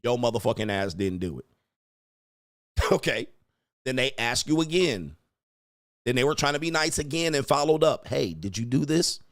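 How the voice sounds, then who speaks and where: A man's voice: medium pitch, expressive, normal speed, long pauses, no room sound, clean studio sound. A man giving casual, profane reaction commentary on parenting clips, blunt and laughing often.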